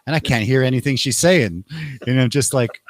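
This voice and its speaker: A man's voice: medium pitch, a little fast, dry recording. A young man hosting a casual talk show, telling stories and acting out quotes in raised voices. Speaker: podcast host. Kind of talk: casual conversational storytelling.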